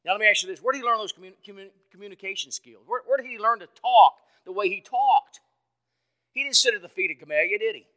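A man delivers an evening sermon in a folksy, conversational style, putting questions to the congregation. His voice is high-pitched and he talks fast, with a dynamic delivery that swings between loud and soft.

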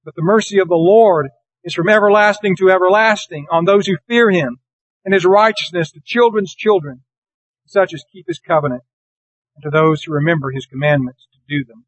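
A man delivers a sermon in a fairly high voice, reading scripture slowly and earnestly. The sound is dry and close, with little room around it. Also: no echo, poor audio. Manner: earnest, deliberate, slows for scripture. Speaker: preacher.

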